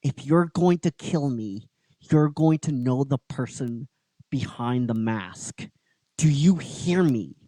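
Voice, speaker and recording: A man's voice: mid-range voice, lively intonation, takes it slowly, warm tone, dry recording. A man voicing a defiant young woman fighter who presses her point with firm, repeated challenges.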